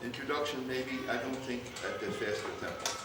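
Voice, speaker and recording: A man conducting a wind band rehearsal, giving brisk instructions and singing phrases aloud. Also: mid-range voice. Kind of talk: rehearsal coaching. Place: rehearsal hall. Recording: echoey hall, distant mic, band playing.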